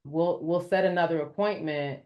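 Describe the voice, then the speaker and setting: Woman telling a story with lively quoted voices. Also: deep voice, moderate pace, highs cut off. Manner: animated, raising her voice to act out quoted speech; addresses listeners as "y'all". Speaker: podcast guest. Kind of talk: storytelling in an interview.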